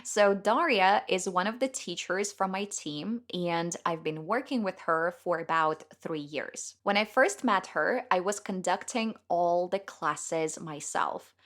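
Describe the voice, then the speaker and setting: A cheerful young woman whose first language is Russian speaks clearly and deliberately, as if to English learners. Her voice sits a little low for a woman, and she hosts a scripted podcast monologue. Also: a bit bright. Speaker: English teacher and podcast host.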